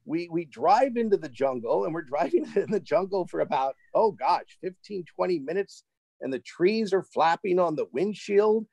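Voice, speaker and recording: A man being interviewed tells a personal travel story in an animated, casual way, often repeating words as his excitement builds. His voice is high and creaky at a moderate pace, and the dry recording is low in quality.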